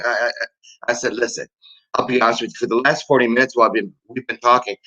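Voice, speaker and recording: Bright-voiced joking man in his fifties. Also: mid-range voice, fast, muffled recording. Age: over 50. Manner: rambling, joking, laughs often. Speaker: host. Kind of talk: casual chat show monologue.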